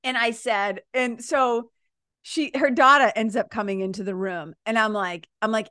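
A woman around fifty, hosting a podcast and telling a story in a casual, animated way. She laughs often and swears freely. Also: on the high side, moderate pace, clear, resonant tone, no echo, clean studio sound. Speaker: podcast host.

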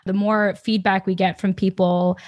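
A woman's voice: medium pitch, flat delivery, normal speed, a little mellow. A young woman co-hosting a casual podcast, chatty and upbeat, laughing often as she talks with her co-host. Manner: bubbly, laughs often, reads listener reviews aloud.

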